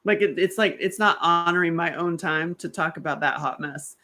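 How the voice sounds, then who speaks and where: Blunt, animated middle-aged woman storyteller. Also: on the low side, normal speed. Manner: animated, laughing, blunt and profane. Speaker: author and host. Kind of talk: casual storytelling monologue.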